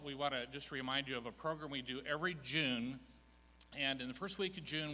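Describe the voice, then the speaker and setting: Man, folksy and jokey, very bright forceful tone, reverberant church hall. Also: mid-range voice. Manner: jokey, folksy, self-deprecating. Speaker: ministry department chair. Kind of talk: humorous church presentation. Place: church sanctuary.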